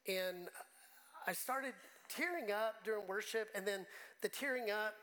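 A man's voice: sits high, measured pace, pushed and bright, poor audio. Emotional, conversational male pastor preaching. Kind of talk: sermon.

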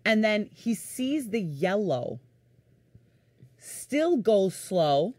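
A woman co-hosting a podcast, talking casually and swearing freely. She tells her stories with an animated, swooping pitch and acts out each person in them. The sound is dry and close to the mic. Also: very slow, dry recording. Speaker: podcast co-host. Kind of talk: casual chat.

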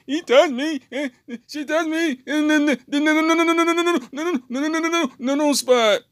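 A man voicing a panicked young schoolboy who stammers in a high, loud voice. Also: brisk, no room sound, clean studio sound.

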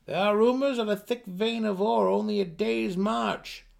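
A man reading aloud, voicing a male deep gnome official who speaks formally and presses an invitation in a loud, raised voice. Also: steady tone, normal speed, creaky. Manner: loud, high-pitched and formal.

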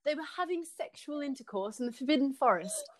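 A man's voice: very high voice, animated, fairly quick, fairly bright tone, voice pushed up. A woman voicing a stern old male headmaster in a put-on British accent, scolding over the top for a comedy podcast. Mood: furious.

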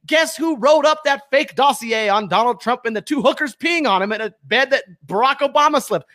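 A fired-up podcast host with an extremely high, bright voice delivers a heated political rant, shouting accusations before switching to calm plugs. He's sweating and worked up.

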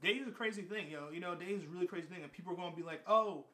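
A man's voice: sits high, very fast, fairly bright tone. A young man talking casually and at length, rambling, repeating himself and swearing freely. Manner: rambling, repetitive, profane. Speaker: vlogger. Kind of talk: casual monologue.

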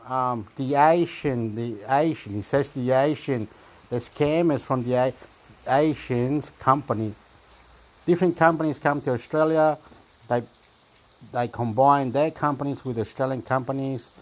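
Chatty rambling man reading web pages aloud. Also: mid-range voice. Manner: chatty, exclaiming and laughing, halting and repeating words. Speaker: vlogger reading websites aloud. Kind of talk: casual rambling commentary.

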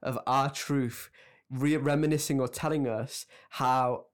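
A man's voice: mid-range voice, steady tone, slow. Man, podcast co-host, casual chat, rambling, easygoing. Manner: rambling, frequent fillers and restarts.

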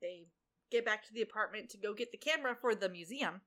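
A woman's voice: medium pitch, fast talker. A woman co-hosting a podcast, retelling a TV episode in casual chat with sarcastic asides. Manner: animated storytelling, sarcastic asides. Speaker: podcast co-host.

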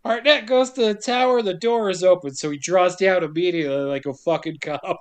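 A man's voice: sits high, brisk, clear, resonant tone. A man hosting a casual podcast, recapping a film with sarcastic, profane jokes. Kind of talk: casual chat.

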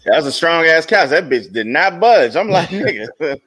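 A man's voice: on the high side, expressive, moderate pace, fairly bright tone. A man co-hosting a podcast, joking and bantering in slangy casual chat. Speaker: podcast co-host.

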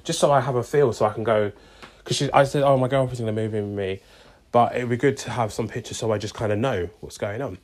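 A man's voice: medium pitch, steady tone, quick pace, darkish tone. A young man telling a long story casually, acting out both sides of a conversation with lots of "I was like" and "she's like".

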